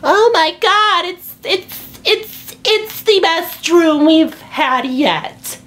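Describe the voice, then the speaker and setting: A man voicing his middle-aged mother, shrill and cursing at him, then gushing. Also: very slow, pushed and bright, heavily acted. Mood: amazed.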